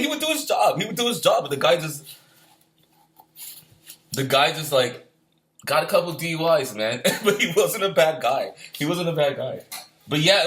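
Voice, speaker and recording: Fast, bright-voiced veteran telling stories. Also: male voice, a little high. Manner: profane, laughing, repeats himself, says "man" often. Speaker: Marine veteran. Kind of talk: casual storytelling.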